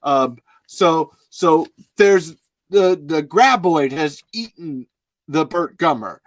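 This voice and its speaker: A man's voice: high voice, a bit bright, no echo, pitched above the performer's own voice, heavily acted. A man doing an eager fan theorist. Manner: slow, drawn-out emphasis on key words.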